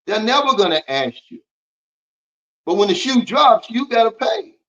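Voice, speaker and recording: This man has a very high, fairly bright voice with big pitch swings, speaking at normal speed over lo-fi sound. He hosts a casual livestream, reading and answering viewer comments in a blunt, preachy way.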